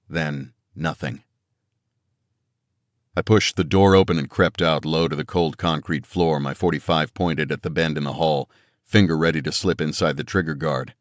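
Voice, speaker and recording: A man's voice: a bass voice, fairly bright tone, dry recording, clean studio sound. A man reading a first-person action audiobook in a tense, dramatic storytelling manner. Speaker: audiobook narrator. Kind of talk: first-person scripted narration.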